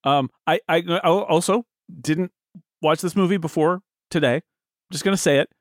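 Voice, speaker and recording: A man co-hosting a casual film podcast, rambling and animated with many restarts and mock-indignant humor. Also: a little high, normal speed, no room sound, studio quality. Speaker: podcast co-host.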